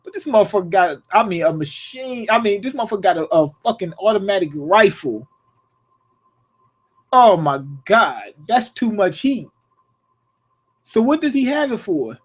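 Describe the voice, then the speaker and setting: Male reviewer, high-pitched, profane, blunt off-the-cuff episode breakdown. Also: sing-song, normal speed, long pauses. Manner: profane, blunt, riffing with rhetorical questions. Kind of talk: casual rant-style recap.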